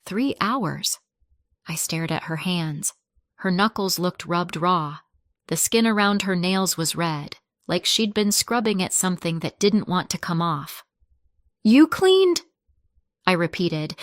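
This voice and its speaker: A woman narrates a scripted first-person story at an unhurried, deliberate pace. Her voice sits a little low and stays soft and measured. The recording is dry and close, with no room sound. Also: dry recording.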